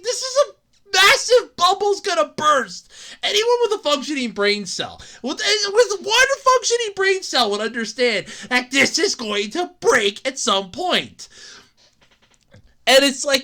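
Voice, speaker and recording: Excitable solo podcaster, laughing and swearing. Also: very high voice, unhurried. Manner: jumps between loud outbursts and mumbled asides. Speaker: podcast host.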